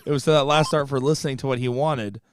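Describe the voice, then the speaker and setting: A young man doing live darts commentary from a booth, fast-talking and jokey, laughing often. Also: medium pitch, fairly even intonation, a little hiss or hum. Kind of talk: live sports commentary with banter.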